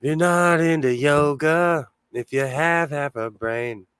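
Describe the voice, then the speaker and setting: A man's voice: fairly high pitch, slow, fairly bright tone, clear, resonant tone, dry recording, clean studio sound. A middle-aged man hosting a sewing livestream, chatting casually with viewers, laughing often and answering their comments. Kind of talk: casual live-stream chat.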